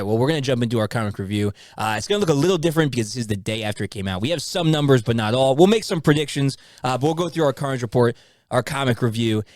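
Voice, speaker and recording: A man hosting a relaxed podcast, his voice lively and full of swings in pitch. He talks fast and piles up fillers and restarts as he goes. The sound is dry and close to the mic. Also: no room sound. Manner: quick, animated, fillers and restarts. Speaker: podcast host. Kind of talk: casual podcast chat.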